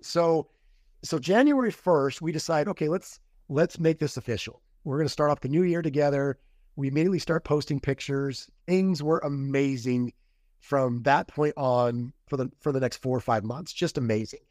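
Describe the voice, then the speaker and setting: A man's voice: fairly high pitch, moderate pace, a little mellow, no room sound, studio quality. Man recounting a past relationship. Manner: rambling retelling with quoted dialogue and restarts. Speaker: podcast guest. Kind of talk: casual storytelling interview.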